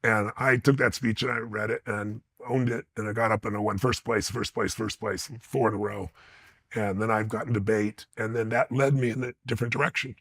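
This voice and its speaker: A man's voice: lowish voice, steady tone, fairly quick, fairly bright tone, breathy edge, no room sound. A man being interviewed, telling personal stories with intensity and blunt emphasis. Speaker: interview guest. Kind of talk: animated personal storytelling.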